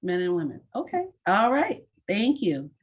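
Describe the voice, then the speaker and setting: A woman hosting an online mentoring session over a video call, giving clear, encouraging instructions. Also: mid-range voice, sing-song, normal speed, muffled recording.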